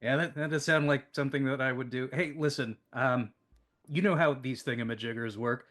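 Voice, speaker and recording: A man's voice: medium pitch, steady tone, brisk, a bit bright. A man playing a tabletop game, speaking as a weary ex-military character in an easygoing, self-deprecating way. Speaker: player. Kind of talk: in-character roleplay.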